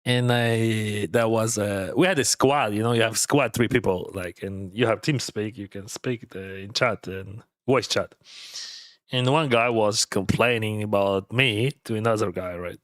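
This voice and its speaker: A man's voice: fairly low pitch, a little slow, no echo, clean studio sound. A man with a Russian accent chatting casually while playing online poker, loose with grammar and laughing often.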